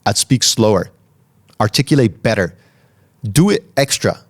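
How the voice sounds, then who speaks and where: A man hosting a podcast, answering listener questions in a calm, reflective way and articulating each word carefully. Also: fairly low pitch, normal speed. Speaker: podcast host. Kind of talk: solo Q&A talk.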